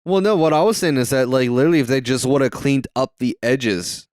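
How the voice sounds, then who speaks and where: A man's voice: medium pitch, a little fast, darkish tone, clean tone, no echo, studio quality. Rambling, profane young Southern man. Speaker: podcast co-host. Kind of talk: casual movie-watching chat.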